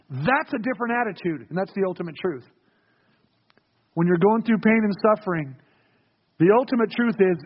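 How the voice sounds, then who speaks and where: High-voiced husky male pastor. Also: lively intonation, fairly quick, pauses often, dull audio. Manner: earnest preaching, repeats key phrases. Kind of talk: sermon.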